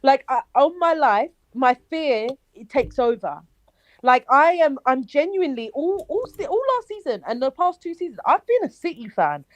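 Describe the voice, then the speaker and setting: A woman with a London accent chatting on a remote call about football, animated and swearing, tripping over her words. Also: high voice, moderate pace, no echo, poor audio. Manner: animated, swearing, self-interrupting. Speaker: panel guest. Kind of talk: casual football chat.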